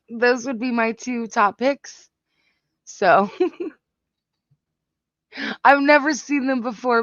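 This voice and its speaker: Giggly, unhurried woman host, dull dry sound. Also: mid-range voice, fairly bright tone, dry recording. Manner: giggly, profane, exclamatory. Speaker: host reacting to clips. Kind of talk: casual reaction chat.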